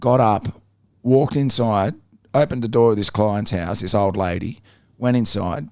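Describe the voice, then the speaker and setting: An Australian man hosting a podcast, telling a story casually in a blunt, profane, animated way. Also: fairly low pitch, a little slow, no room sound. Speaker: podcast host.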